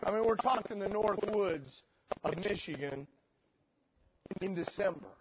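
Animated preacher with a high voice. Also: male voice, unhurried, pauses often. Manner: animated, swings from dry sarcasm to loud emotional peaks. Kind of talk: storytelling sermon. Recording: dull lo-fi sermon recording with noise.

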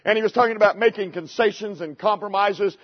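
High-voiced preacher, lo-fi recording. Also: male voice, fast talker. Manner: conversational preaching with rhetorical questions. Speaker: pastor. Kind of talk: sermon. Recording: dull lo-fi sermon recording.

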